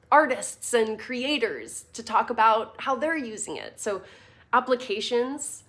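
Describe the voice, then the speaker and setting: A woman's voice: medium pitch, a bit bright. A woman giving a casual online class over slides, chatty and playful, with fillers and little laughs. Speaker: course teacher.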